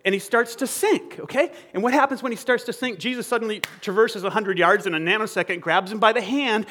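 A man preaching a sermon in an animated, conversational way, acting out quoted dialogue and checking in with the congregation. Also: sits high, a little fast.

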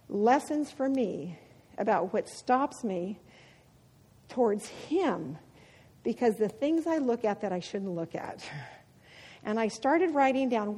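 Middle aged lady speaker telling stories at a church talk, kinda husky, laughs a lot, big echoey hall. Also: a little high, unhurried. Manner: laughs often, animated storytelling. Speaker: women's ministry speaker. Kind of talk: devotional talk with a personal story. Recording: long hall reverb.

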